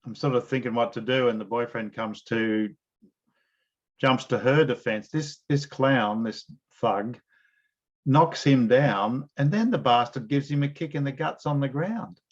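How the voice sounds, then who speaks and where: A man's voice: mid-range voice, measured pace, highs cut off. Man telling blokey stories. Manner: animated storyteller, blokey slang. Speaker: interviewer. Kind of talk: casual storytelling in an interview.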